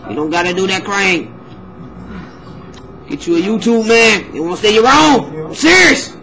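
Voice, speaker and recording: A man vlogging a comic video response, loud and mock-consoling, with slang and cursing. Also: sits high, animated, moderate pace.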